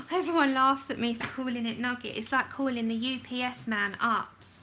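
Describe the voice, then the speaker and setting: A woman's voice: high voice, steady tone, a little slow, pushed and bright, a little hiss or hum, rough recording. A woman chatting casually as she hosts a livestream, talking to herself while she works and often laughing at herself. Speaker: livestream host swatching colour pencils.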